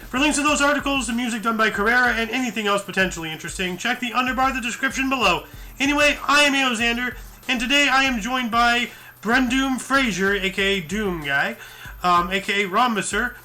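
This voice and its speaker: Tired man, high sharp voice. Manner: rambling asides, many fillers and restarts. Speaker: news show host. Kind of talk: casual news commentary read from articles.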